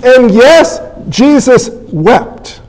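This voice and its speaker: A man's voice: extremely high pitch, lively intonation, drawn-out words, a little mellow, low-quality recording. A man preaching a sermon as pastor, emphatic and folksy, asking the congregation rhetorical questions.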